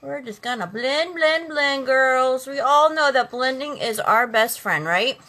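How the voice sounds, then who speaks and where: On a makeup live stream, a chatty, sassy woman addresses her audience as "girls" and "honey" in a high, animated voice. She speaks a little slowly, and her tone is pushed and bright. Eighties instrumental music plays faintly under the rough recording.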